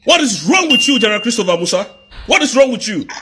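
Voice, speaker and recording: A man with a Nigerian accent in an angry live rant, firing off accusing rhetorical questions and sometimes shouting. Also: very high-pitched, big pitch swings, fast, slight background noise. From southeast Nigeria.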